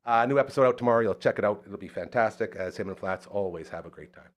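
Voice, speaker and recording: A man from Saskatchewan hosting a podcast, telling a story in casual chat and acting out quotes in a high excited voice. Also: fast. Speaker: podcast host.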